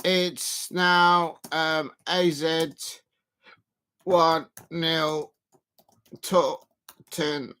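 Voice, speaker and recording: A man commentating live on a football match for his stream, rambling with many fillers and breaking into excited shouts at chances. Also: fairly high pitch, extremely slow, long pauses, clear, resonant tone. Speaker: football watch-along streamer.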